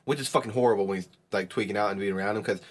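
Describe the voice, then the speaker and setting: A man's voice: lowish voice, very fast. A young man co-hosting a podcast in casual chat, blunt and exasperated, swearing a lot. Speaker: podcast co-host.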